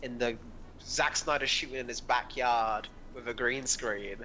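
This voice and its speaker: A man's voice: medium pitch, a little slow, bright, forceful tone, a little hiss or hum. A man co-hosting a casual podcast, joking and swearing freely.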